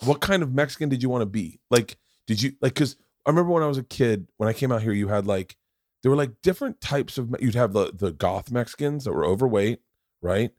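A comedian hosting a podcast out of Florida swears freely and keeps restarting sentences as he rambles through casual storytelling. His brisk, expressive mid-range voice has a darkish tone, with clean studio sound and no room ambience.

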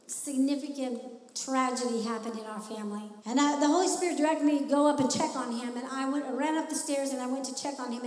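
A middle-aged woman preaching with fervor, her high voice rising and swelling on the big lines. She sounds distant from the mic, and a long reverb trails each phrase through the large hall. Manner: impassioned preaching, swelling louder on key lines. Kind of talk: sermon. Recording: echoey hall, voice from far off the mic.

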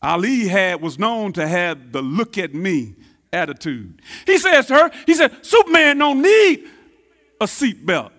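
A man preaching a sermon, repeating key phrases and swinging between booming emphasis and hushed asides. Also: big pitch swings, measured pace. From Texas, United States. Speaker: pastor.

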